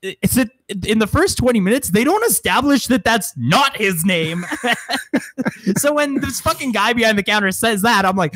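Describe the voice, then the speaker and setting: A young man co-hosting a movie podcast, slightly higher voiced, his pitch swinging widely as he rants. He swears freely and laughs often, recorded close and dry with no room sound. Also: normal speed, dry recording. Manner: profane, laughing, animated ranting. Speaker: podcast co-host. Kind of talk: casual movie review chat.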